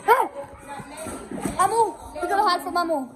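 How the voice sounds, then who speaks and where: A woman's voice: extremely high pitch, moderate pace, crowd noise. A young girl vlogging at a busy house party, shrieking, giggling and chattering breathlessly during a toy fight. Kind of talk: excited playful chatter. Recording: noisy crowded room.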